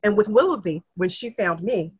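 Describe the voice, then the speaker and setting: Speaking at a moderate pace in a mid-range, breathy-edged voice, this middle-aged guest shares her family's story in relaxed conversation. Her telling is earnest and emotional, and she brings quoted relatives to life with animated delivery.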